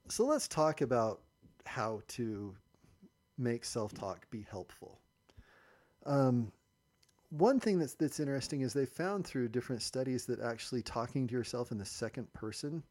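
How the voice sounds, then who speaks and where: A man's voice: mid-range voice, lively intonation, a little slow, darkish tone. A man with a mid-range voice hosts a casual podcast. He lays out ideas thoughtfully, like a coach talking through advice. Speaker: podcast host.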